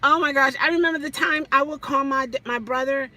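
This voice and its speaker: A woman's voice: high-pitched, fairly quick, sharp tone. A woman vlogger chatting casually to her live viewers from her car, laughing often. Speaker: vlogger and rideshare driver. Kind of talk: casual live-stream chat. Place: in a parked car.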